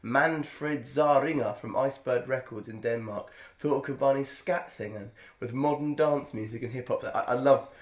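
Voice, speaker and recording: A man's voice: medium pitch, normal speed, few pauses, roomy sound. Jokey man reading aloud. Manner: jokey, digressive, laughs often. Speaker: podcast co-host. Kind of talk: casual chat reading aloud.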